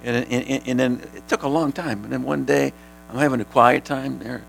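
A man preaches a sermon to his church, animated, sometimes rising to a shout and laughing along with the congregation. His voice is forceful and gravelly, with a faint hum behind it. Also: medium pitch, brisk, low-quality recording. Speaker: pastor.

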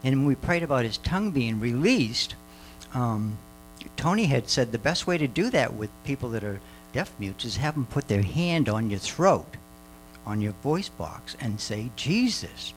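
A man's voice: medium pitch, very animated, a little slow, faint music behind, poor audio. An older man telling a church audience about a mission trip, rambling with many fillers and restarts.

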